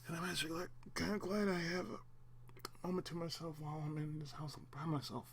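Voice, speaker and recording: A man hosting his own channel, alone at home, giving a raw, halting confessional monologue on the verge of tears, with pauses, restarts and the odd swear. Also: on the high side, fairly even intonation, a little hiss or hum. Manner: halting, repeats himself, long pauses, swears. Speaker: channel host.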